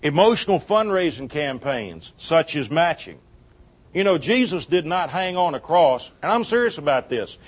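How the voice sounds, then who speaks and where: A man with a notably high voice tells a church story as part of a sermon. He is a folksy, animated storyteller who chuckles often. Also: normal speed, breathy edge. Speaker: church speaker on giving.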